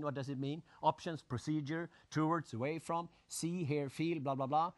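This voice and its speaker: A man giving a live motivational seminar talk, animated, acting out crowd shouts and putting questions to his audience. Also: on the high side, moderate pace, few pauses. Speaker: motivational speaker.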